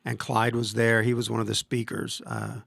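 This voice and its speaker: A man's voice: medium pitch, very animated, normal speed, gravelly, fairly bright tone, dry recording, clean studio sound. A man in his fifties, a football coach hosting a podcast, telling long stories in a rambling way, with many fillers and restarts. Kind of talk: casual storytelling interview.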